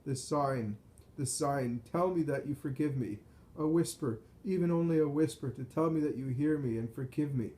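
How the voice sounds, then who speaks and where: A man's voice: medium pitch, normal speed, few pauses, dark tone, voice pushed up, lightly acted. A man reading as a distraught elderly rabbi who pleads in anguish, his voice raised and urgent. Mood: pleading.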